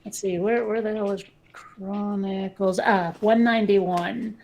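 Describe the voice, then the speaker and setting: A woman's voice: medium pitch, fairly even intonation, measured pace, creaky, darkish tone, highs cut off, a little hiss or hum. A woman hosting a casual chat show, talking loosely and laughing at herself while reading aloud. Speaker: show host.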